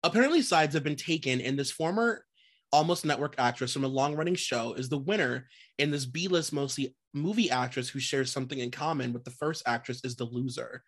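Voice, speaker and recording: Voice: mid-range voice, fairly quick. A podcast co-host chatting casually, reading gossip items and laughing often. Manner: laughs often, loose and joking, swears casually.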